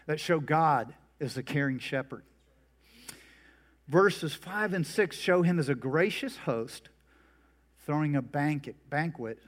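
A middle-aged man preaching a sermon, telling folksy stories and jokes. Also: medium pitch. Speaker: pastor. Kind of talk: humorous sermon.

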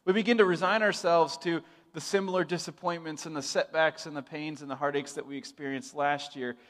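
A young man from Michigan preaching a sermon, telling a self-deprecating story in a lively storyteller's way. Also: a little high, a little fast. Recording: reverberant hall.

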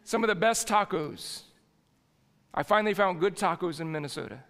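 A man's voice: high voice, normal speed, a bit bright. A man preaching a sermon as pastor in a church sanctuary, folksy and jokey, often restarting his sentences. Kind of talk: conversational sermon. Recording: long hall reverb.

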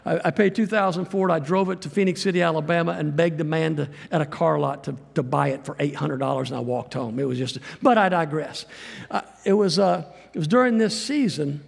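A man's voice: a little high, brisk. A middle-aged man preaching a sermon in a church, folksy and rambling, with self-deprecating asides. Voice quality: gravelly voice. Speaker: guest preacher and missionary. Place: church sanctuary. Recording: long reverb of a church hall.

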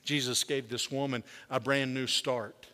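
A man's voice: flat delivery, sharp tone. Man preaching in a reverberant hall. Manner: earnest preaching, slowing and dropping low on key words. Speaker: pastor. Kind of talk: sermon.

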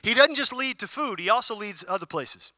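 A man's voice: high voice, expressive, a little fast, sharp tone, dry recording, studio quality. A male pastor giving a conversational sermon, repeating key phrases and putting questions to the congregation.

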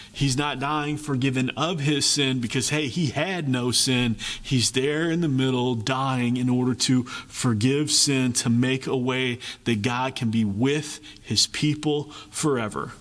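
A man's voice: mid-range voice, a bit bright, long reverb tail. Man preaching an earnest sermon. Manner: earnest preaching with repeated phrases and frequent pace shifts. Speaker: pastor.

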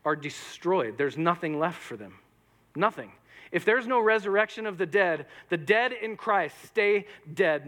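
A man preaching a sermon in a church, animated and joking, acting out quoted lines. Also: a little high. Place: church hall with audience. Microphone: microphone.

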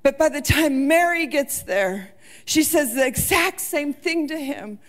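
A woman preaching a sermon with impassioned delivery, rising to shouts and near tears as she retells scripture. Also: sits high, lively intonation, a little slow, soft background music.

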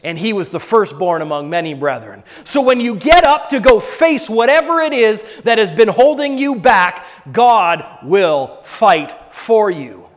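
A man preaching a sermon, moving between loud, fervent exhortation and soft, hushed storytelling. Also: high-pitched, expressive, unhurried, few pauses. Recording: long hall reverb.

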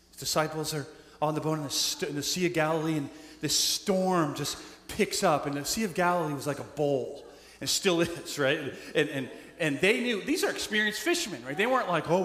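High, bright-voiced man preaching in a hall. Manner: conversational preaching, asks the audience "right?" often; acts out quoted voices. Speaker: pastor. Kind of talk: sermon. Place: church sanctuary. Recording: echoey hall with long reverb.

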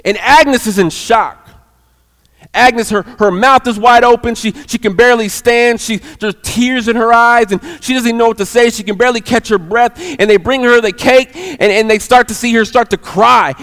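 A man telling a story in a sermon, animated and often repeating words. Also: very high voice, moderate pace, long reverb tail.

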